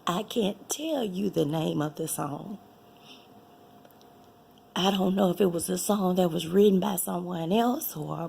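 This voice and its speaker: A woman tells a personal story, repeating herself and often sinking into a breathy whisper. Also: mid-range voice, a little mellow. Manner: emotional, repeats phrases, drops to a breathy whisper. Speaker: vlogger sharing a personal testimony.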